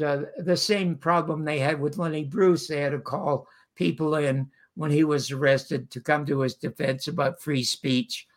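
An older man from Canada, an interview guest telling a long anecdote and acting out the voices of the people in it. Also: fairly high pitch. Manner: lively storyteller who acts out quoted voices. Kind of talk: anecdotal storytelling.

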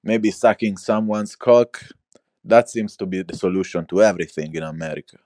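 A man's voice: sits low, normal speed, darkish tone, dry recording, clean studio sound, lightly acted. A man voicing a sardonic, exasperated male forum poster in a raised mock voice. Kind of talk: mock voice reading a post.

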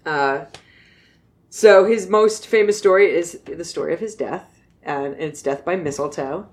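Low-voiced woman, jokey storyteller. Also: measured pace. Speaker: podcast host retelling myths. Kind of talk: casual chat.

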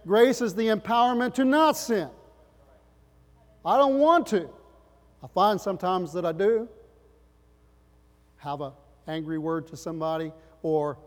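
High-voiced pastor preaching in a hall. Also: male voice. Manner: impassioned preaching, rising loud then dropping quiet. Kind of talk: sermon.

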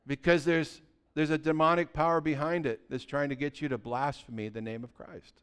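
A middle-aged man preaching a sermon as pastor, conversational and animated, full of rhetorical questions. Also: fairly high pitch, normal speed, smooth.

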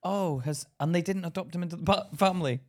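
A man's voice: sits high, fast, darkish tone. A man co-hosting a casual podcast chat, teasing and jokey, laughing often. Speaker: podcast co-host.

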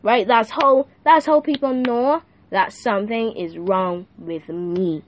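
A woman's voice: on the high side, slow pace, highs cut off, slight background noise. A young woman hosting a faith podcast who teaches in a casual, slangy way and keeps asking the listener "right?". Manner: animated, laughing, asks the listener "right?" often; slangy and playful. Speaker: youth podcast host.

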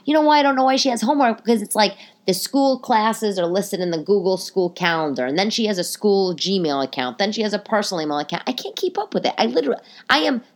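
Exasperated venting woman podcaster. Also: medium pitch. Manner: exasperated, venting, swears freely. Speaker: podcast host. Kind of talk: casual solo podcast rant. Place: home living room.

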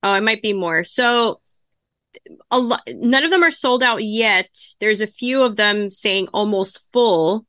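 Woman, podcast co-host, chatty, thinks aloud, bright voice, dry recording. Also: medium pitch, animated, unhurried, no echo. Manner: chatty, thinks aloud while browsing ticket sites. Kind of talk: casual chat.

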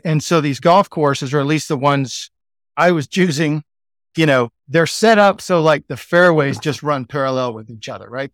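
A middle-aged Texan man spins an easygoing anecdote as a podcast guest, his voice pitched a bit high and very smooth and clear. He fills his talk with relaxed "like"s and "you know"s. The sound is close and dry. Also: no echo. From Texas. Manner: chatty, laid-back, frequent 'like' and 'you know' fillers. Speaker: guest, sales executive. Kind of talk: casual anecdotal storytelling.

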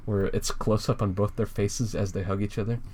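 A man's voice: lowish voice, flat delivery, brisk, darkish tone, slightly rough. A man co-hosting a casual comedy podcast, reading a fan comic aloud in a rambling, giggly way and swearing freely.

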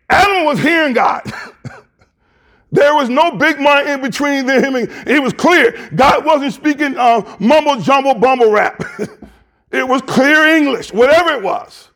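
A man in his sixties with a Southern US accent preaches with a fairly high voice. He jokes and calls out to the congregation, mixing scripture with folksy asides. His delivery swings between slow, weighty lines and quick banter. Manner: animated, jokey, talks to congregation. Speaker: pastor. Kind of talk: sermon.

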